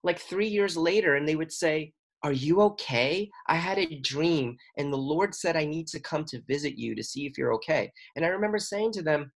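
Earnest, expressive man telling his story. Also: fairly high pitch, moderate pace, vocal fry, hardly any pauses. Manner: earnest and expressive, acts out voices in quotes; rambling and apologetic about talking a lot. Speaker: chiropractor and workshop facilitator. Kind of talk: candid personal storytelling in an interview.

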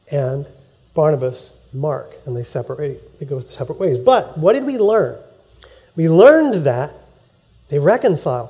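Male pastor, high mellow voice, animated sermon storyteller in church. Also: husky. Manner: animated storytelling, acting out quoted lines, laughing.

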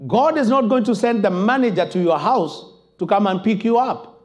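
High-voiced impassioned male preacher. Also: animated, brisk. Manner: impassioned, building to shouted emphasis. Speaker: pastor. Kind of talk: sermon.

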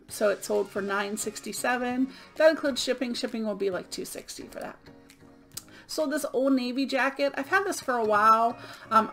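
A woman's voice: on the high side, creaky, a bit bright. A middle-aged woman from Florida, sick and out of breath, chatting casually through items she sold, with many ums. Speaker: eBay reseller vlogger. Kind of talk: casual show-and-tell vlog.

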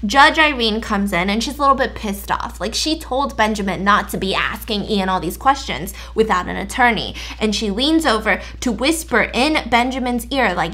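A young woman chatting through an animated story retelling while baking, swearing in a mock-censored way. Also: on the high side, moderate pace, hardly any pauses. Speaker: YouTube storyteller.

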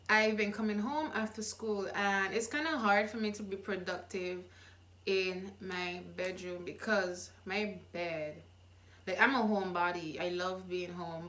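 A woman's voice: medium pitch, a bit bright. A young adult woman talking straight to viewers in a casual motivational vlog, earnest and encouraging, often restarting her sentences. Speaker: YouTube vlogger.

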